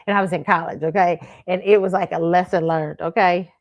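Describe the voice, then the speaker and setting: Animated woman telling a story. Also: fairly quick, no room sound. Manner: animated, laughing, acts out quotes in a high voice. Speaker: show host. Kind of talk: casual storytelling commentary.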